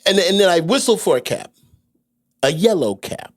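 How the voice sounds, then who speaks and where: A man's voice: high voice, very animated, normal speed. A man from New York City, a podcast co-host, telling a rambling story full of restarts. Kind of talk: casual storytelling chat.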